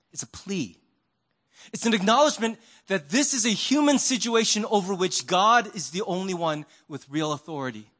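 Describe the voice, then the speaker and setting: A man's voice: high-pitched, fairly bright tone. A man preaching a conversational sermon, telling stories and asking rhetorical questions. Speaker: pastor.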